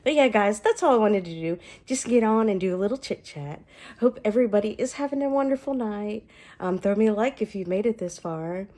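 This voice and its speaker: A woman with a Southern US accent casually reviewing a book, retelling the story with animated quoted voices. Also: medium pitch, fairly quick.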